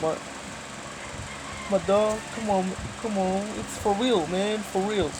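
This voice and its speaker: Slow, foul-mouthed rambling vlogger. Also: mid-range voice, background noise. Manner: profane, rambling, swears constantly, giggles between lines. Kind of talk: casual rambling vlog talk.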